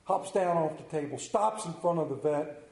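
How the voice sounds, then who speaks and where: A male preacher with a fairly high voice spins a folksy, humorous story before reading scripture. His voice rings through a reverberant church room, with an easy drawling delivery. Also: normal speed, creaky, darkish tone. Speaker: pastor. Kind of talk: sermon with jokes and scripture reading. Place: church sanctuary.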